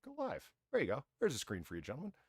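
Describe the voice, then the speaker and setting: A man's voice: medium pitch, huge pitch swings, fast talker, gravelly, breathy edge, no room sound, studio quality. A man hosting an online comedy game show, rambling through stories and laughing at his own jokes while swearing freely. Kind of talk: casual comedic chat.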